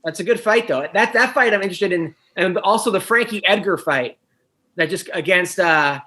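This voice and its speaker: Man, podcast co-host, high voice, bright tone, rambling, gets animated. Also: moderate pace. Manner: rambling, restarts, animated when annoyed. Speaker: wrestling coach. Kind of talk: casual podcast chat.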